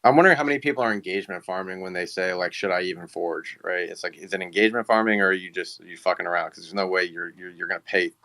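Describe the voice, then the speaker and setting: Fast-talking deep-voiced man. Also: steady tone, sharp tone. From Virginia. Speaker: chat participant. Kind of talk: casual chat. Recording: online audio chat.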